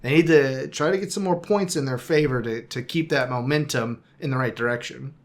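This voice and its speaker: Male podcast co-host, casual football chat, wry and self-deprecating, mid-pitched voice. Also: fairly quick.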